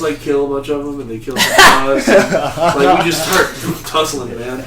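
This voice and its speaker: A man's voice: on the high side, animated, normal speed, roomy sound, far from the mic, over loud music, low-quality recording. A man co-hosting a podcast, telling crude comedic stories in a rambling way, laughing often and slipping into voices. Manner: rambling, puts on voices for characters, laughs a lot. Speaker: podcast co-host. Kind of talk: crude comedic storytelling chat.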